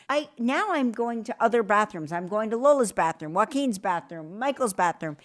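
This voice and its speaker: A woman in her fifties hosting a talk show, telling animated stories and swearing freely. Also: mid-range voice, moderate pace, few pauses. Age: 50s. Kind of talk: casual chat.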